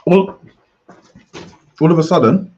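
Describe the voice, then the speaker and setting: Reacting out loud to the match as he chats casually, this watchalong host has a somewhat high voice with a darkish tone. He takes it slowly, and the recording has its highs cut off.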